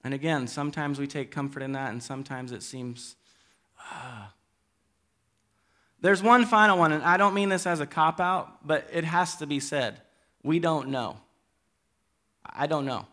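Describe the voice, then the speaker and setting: A man preaching a sermon to his church, speaking in an earnest, halting way and pleading gently with his listeners. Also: fairly high pitch. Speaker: pastor. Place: church hall.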